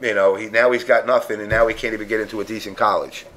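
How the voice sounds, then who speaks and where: A man's voice: on the low side, steady tone, fast talker, a bit bright. A man on a podcast panel telling a story in casual chat, blunt and profane, acting out what people said. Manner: profane, blunt, acts out quotes.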